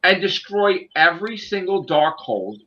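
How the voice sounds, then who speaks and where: A man's voice: sits high, sing-song, measured pace, bright, forceful tone. A man casually discussing a movie on a podcast in a ranting, profane and emphatic way. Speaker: podcast host. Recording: dull lo-fi sound.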